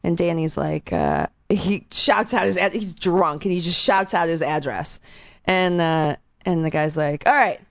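A young woman, an actress and radio host, telling a lively story in casual chat and acting out the people in it. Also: fairly low pitch, a little slow, creaky, no room sound. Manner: animated, quotes people in voices, lots of "like". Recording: dull, dry lo-fi sound.

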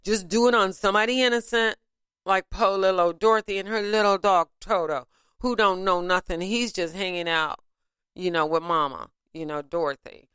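A woman casually retelling a story in an animated way, now and then breaking into sung snippets. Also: medium pitch, moderate pace, clear, resonant tone, no echo, studio quality.

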